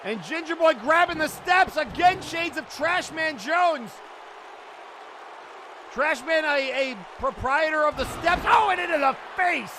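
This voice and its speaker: High-pitched guy calling a wrestling match, gets loud and hyped, noisy crowd behind. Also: measured pace. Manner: excitable, shouting during big moments. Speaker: wrestling commentator. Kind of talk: play-by-play commentary. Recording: crowd and loud background noise.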